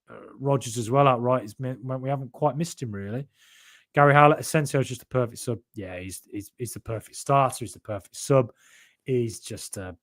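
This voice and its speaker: A chatty middle-aged man runs a casual podcast stream, answering viewer comments one after another. He talks in a loose, rambling way, doubling up words and restarting sentences, and throws in jokey asides. His voice sits at an ordinary middle pitch. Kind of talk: casual live-stream chat.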